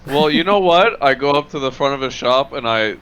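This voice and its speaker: A man playing a tabletop game, talking casually and haltingly. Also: medium pitch, lively intonation, fairly bright tone, smooth, lo-fi sound. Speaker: player.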